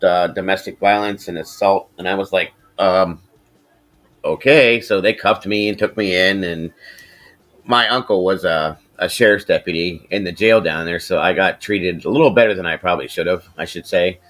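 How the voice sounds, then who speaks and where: A middle-aged man hosting a casual podcast, telling a rambling, profane story and getting animated when he quotes people. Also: low-pitched, brisk. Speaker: podcast host.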